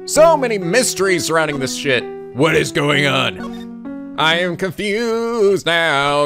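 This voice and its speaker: A man's voice: fairly high pitch, very animated, slow, bright, forceful tone, soft background music. A man playing a story game and joking about it, with crude, confused asides. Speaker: let's play host. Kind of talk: let's play commentary and reading.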